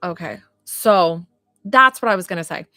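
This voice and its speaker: A woman's voice: on the low side, expressive, normal speed, bright, forceful tone, dry recording, soft background music. A woman giving an emotional live-streamed psychic reading to her viewers, gushing and often close to tears, with lots of "like" and "um". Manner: gushing, emotional, heavy use of "like" and "um". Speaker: psychic medium.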